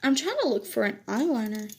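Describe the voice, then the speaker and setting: Doing her makeup on camera, a teen vlogger tells stories in a chatty, expressive way, laughing a lot and raising her voice when she imitates others. She talks briskly against a noisy background.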